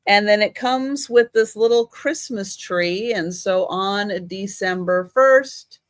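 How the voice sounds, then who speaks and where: Woman running a live vintage sale, slow and chatty, dry close sound. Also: medium pitch, no room sound. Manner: unhurried, chatty with many fillers. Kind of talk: casual live selling.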